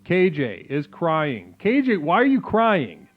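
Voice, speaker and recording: A man's voice: fairly high pitch, huge pitch swings, slow pace. A man hosting a comedic new-age call-in stream, talking in a soothing spiritual-guru patter. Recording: phone-like lo-fi with faint music.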